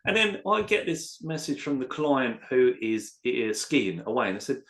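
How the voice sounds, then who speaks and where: A man, a letting agent, telling a workplace anecdote in a casual, animated way and acting out quotes. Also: medium pitch, normal speed. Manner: animated storyteller, acts out quotes.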